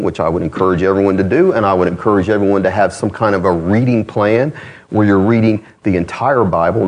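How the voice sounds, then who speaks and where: A man preaching a sermon as pastor, conversational, with self-deprecating asides and lively swings in pitch.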